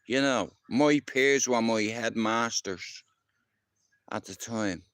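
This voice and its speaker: A man's voice: medium pitch, slow, fairly bright tone, slight background noise. A middle-aged Irish man telling rambling stories from his past in casual talk, swearing freely and often checking that the listener understands. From Ireland. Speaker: livestream host. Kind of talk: casual storytelling.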